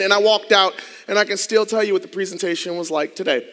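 High bright-voiced man telling his story. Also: fast talker. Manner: swings between hushed asides and loud, intense passages. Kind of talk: dramatic storytelling speech. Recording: long reverb of a large hall.

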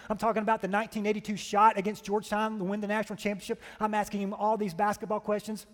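A pastor preaching a sermon, telling stories with animated energy and checking in with "right?". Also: male voice, high voice, in a large hall. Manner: animated storytelling, keeps asking "right?".

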